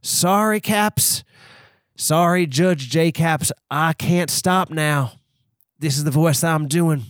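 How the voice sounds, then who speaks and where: A man putting on a cowboy voice as a blustering defendant, with a slow folksy western drawl. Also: a little high, no room sound, clean studio sound, voice pushed up. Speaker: podcast co-host.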